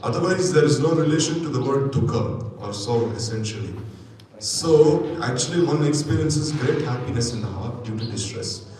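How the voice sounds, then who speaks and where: A man's voice: medium pitch, animated, normal speed, a little mellow. A man giving a scripture lecture as a spiritual teacher, explaining at length and tossing in tag questions. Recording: echoey hall from far off, faint noise.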